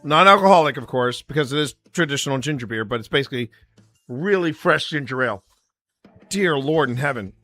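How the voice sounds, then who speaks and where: A man's voice: mid-range voice, fast talker, sharp tone, faint music behind. A man hosting a live stream, chatting to his viewers in a rambling way with many fillers, close to the mic. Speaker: streamer host.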